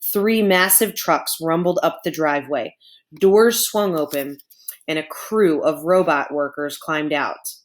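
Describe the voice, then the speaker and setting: Woman reading a story to kids, slow. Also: low voice. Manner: warm asides to young listeners. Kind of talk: children's storybook read-aloud.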